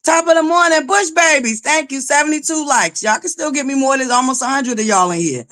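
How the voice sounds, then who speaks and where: Loud, foul-mouthed woman livestream host. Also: high-pitched, fairly quick. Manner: loud, belligerent, swears constantly; greets and thanks viewers, pushes for likes. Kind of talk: profane live-chat commentary.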